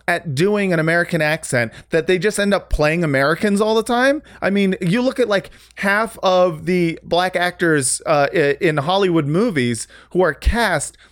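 A man co-hosting a casual podcast chat, animated and opinionated, with halting restarts. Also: high voice, no echo, clean studio sound. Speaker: podcast co-host.

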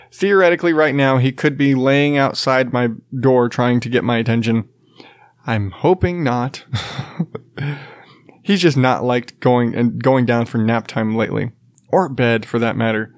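A worn-out man in his thirties hosts a casual chat, his sentences wandering and breaking off as he laughs and swears offhandedly. His voice sits at an ordinary pitch for a man. It is recorded close on a mic in a dry, dead space. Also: a little slow, no room sound. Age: 30s. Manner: rambling, self-interrupting, laughs often, swears casually. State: tired. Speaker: podcast host and father.

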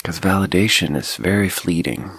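Speaking at a moderate pace, the man has a low voice that sounds animated, a bit bright, and slightly rough. He hosts a podcast on his own, talking with a stuffy nose in a rambling, reflective, self-deprecating manner, with a faint South African slip in his accent.

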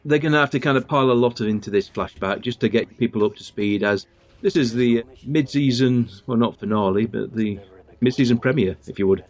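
A middle-aged man hosts a casual watch-along podcast, chatting and chuckling as he reels off episode details. His voice sits at an ordinary middle pitch, easygoing and talkative. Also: a little fast. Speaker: podcast host.

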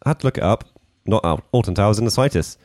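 A man's voice: on the low side, expressive, fast, darkish tone, no echo, clean studio sound. A man co-hosting a podcast in casual chat, thinking aloud as he makes his points. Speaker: podcast co-host.

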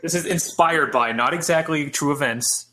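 A man's voice: on the high side, normal speed, pushed and bright, a little hiss or hum, rough recording. A man watching a film with a friend, making laid-back dry jokes. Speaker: movie riff co-host. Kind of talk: casual movie commentary.

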